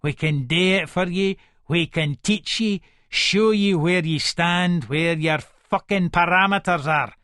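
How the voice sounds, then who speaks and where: A man's voice: high-pitched, a little slow, hardly any pauses, bright, forceful tone, no room sound, studio quality. A man with a Scottish accent playing a violent, menacing middle-aged hard man, narrating an audiobook in the first person with coarse, swearing speech. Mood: brooding.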